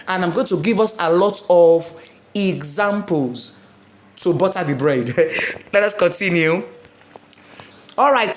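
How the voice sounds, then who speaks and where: A woman leads an exam-prep lesson in a slightly low voice. She stretches out key words and stresses them. She keeps asking her students whether they follow. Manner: repeats words slowly with rising emphasis, asks the class questions. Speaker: English exam tutor. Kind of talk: classroom-style video lesson.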